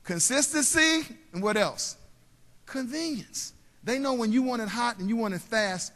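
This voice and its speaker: A man's voice: very high-pitched, expressive, moderate pace. A man giving a motivational keynote in a large hall. He tells stories and leads the audience in call and response. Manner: storytelling, drops quiet and soft for emotional parts. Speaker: keynote speaker. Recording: long hall reverb, live stage.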